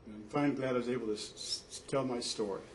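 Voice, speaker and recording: A man's voice: medium pitch, fast. Indignant man in an echoey room. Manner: indignant and emphatic, with restarts. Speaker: father testifying in a custody dispute; church deacon. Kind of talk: impassioned personal testimony. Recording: echoey room with faint background noise.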